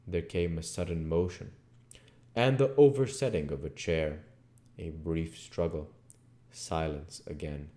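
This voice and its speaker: Slow, deep-voiced male audiobook reader. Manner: slow, expressive reading. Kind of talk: audiobook narration.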